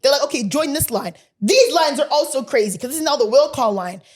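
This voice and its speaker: A young woman co-hosting a podcast, telling a story in animated, slangy casual chat and acting out the dialogue. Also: high voice, brisk. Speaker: podcast co-host.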